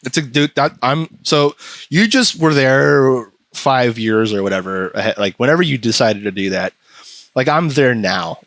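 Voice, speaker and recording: A man's voice: mid-range voice, measured pace, a bit bright, no echo. A man hosting a podcast, ranting profanely in casual chat and slipping into mocking voices. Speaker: podcast host.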